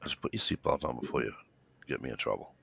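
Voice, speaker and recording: Brief: fifties man, low gravelly voice, loose rambling storyteller, swears a lot. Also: fast, sharp tone. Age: 50s. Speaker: podcast co-host. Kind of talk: casual chat.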